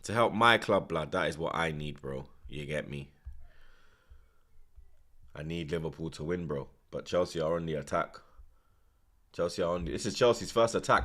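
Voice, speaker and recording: A young man hosting a football watchalong, talking in street slang, swearing, and breaking into shouts when the action gets exciting. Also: rumbling low, normal speed, long pauses. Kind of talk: live match reaction commentary.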